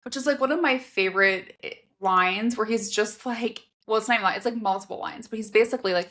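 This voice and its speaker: A woman's voice: on the high side, fairly quick, few pauses, fairly bright tone. A woman co-hosting a podcast who chats casually about a romance novel, with plenty of "like" fillers. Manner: chatty, lots of "like" fillers. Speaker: podcast co-host. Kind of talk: casual book discussion.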